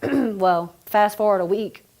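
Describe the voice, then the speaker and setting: A woman tells a deeply personal story. She talks conversationally and emotionally, full of "you know" and "like", at an ordinary middle pitch. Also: slow pace, warm tone. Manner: conversational, many fillers, emotional. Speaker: police officer's widow.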